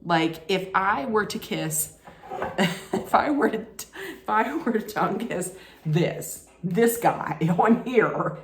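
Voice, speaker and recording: This recap vlogger has a medium-pitched voice with lively intonation and a slow pace. She runs through a reality show casually and sarcastically, chuckling at her own jokes, in an echoey room.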